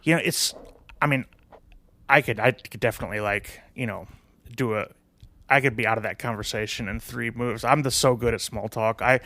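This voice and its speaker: A man's voice: mid-range voice, pushed and bright. Male podcast co-host, crude jokester, dry room with no echo. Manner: joking, crude asides, halting restarts. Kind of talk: casual crude podcast chat.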